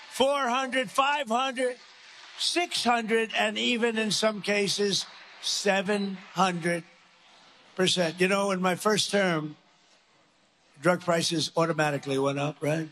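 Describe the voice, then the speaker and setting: A man's voice: high-pitched, a bit bright, slight background noise. A man giving a boastful, repetitive rally speech in which he acts out conversations. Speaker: politician at a rally.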